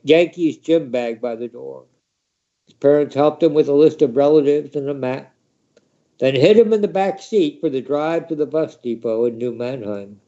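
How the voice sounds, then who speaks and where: Man, mid-high mellow voice, wry spoken-word storyteller, dull lo-fi recording. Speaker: reader.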